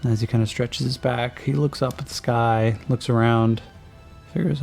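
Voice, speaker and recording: Gravelly-voiced man running a tabletop game. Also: mid-range voice, steady tone, moderate pace. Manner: laid-back, rambling, many fillers. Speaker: game master. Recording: soft background music.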